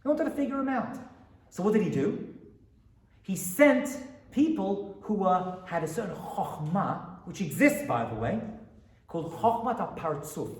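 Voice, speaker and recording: A rabbi lectures with a high, lively voice that swings up and down as he keeps asking his audience questions. He sounds set back from the mic, and the room around him echoes. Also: unhurried, distant mic. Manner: animated, asks the audience questions.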